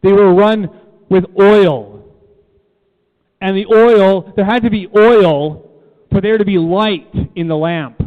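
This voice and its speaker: Speaking slowly in a high-pitched voice, a man gives a sermon in a church room, pressing his points hard, repeating key phrases, and questioning his audience. The audio is tinny and phone-like, with a long reverb.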